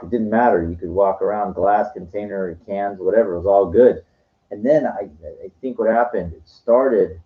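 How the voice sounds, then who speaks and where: A man telling rambling stories in a casual monologue, swearing now and then. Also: on the low side. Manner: rambling, profane storytelling. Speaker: vlogger. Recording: dull lo-fi recording.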